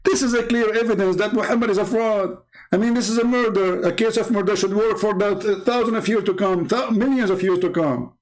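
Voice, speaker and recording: With a high, brisk voice, a Middle Eastern man whose native language is Arabic delivers Christian apologetics as sarcastic, combative polemic, repeating his points insistently.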